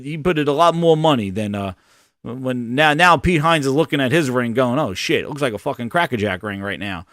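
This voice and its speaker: A man hosting a gaming podcast, telling a rambling, animated story in casual commentary. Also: fairly high pitch, no echo, clean studio sound. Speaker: podcast host.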